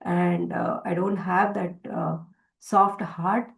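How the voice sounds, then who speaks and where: A woman's voice: lowish voice, little pitch movement, takes it slowly, gravelly, rough recording. A woman teaching a devotional scripture class. She retells a story hesitantly, with many fillers and restarts.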